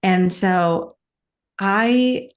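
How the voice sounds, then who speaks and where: A middle-aged woman co-hosts a talk show, telling a personal story in a warm, heartfelt, chatty manner. As a podcast co-host in casual conversation, she speaks at medium pitch and very slowly.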